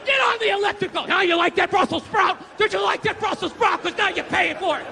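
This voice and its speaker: A man's voice: very high-pitched, fairly quick, vocal fry, pushed and bright, a little hiss or hum, voice pushed up, heavily acted. A man voicing a bossy male personal chef who barks impatient orders. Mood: barking orders. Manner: barking, impatient commands.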